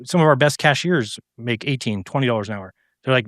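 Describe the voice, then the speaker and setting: Fast-talking man telling a story. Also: mid-range voice, dry recording, clean studio sound. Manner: animated, acts out quoted exchanges, frequent fillers and restarts. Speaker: interview guest. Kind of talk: storytelling in a casual interview.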